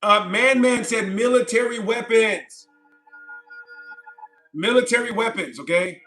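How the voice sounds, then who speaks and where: A man's voice: sits high, a little slow, faint music behind. A man streaming live, reading chat comments aloud and mocking them combatively. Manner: combative, mocking, loud outbursts.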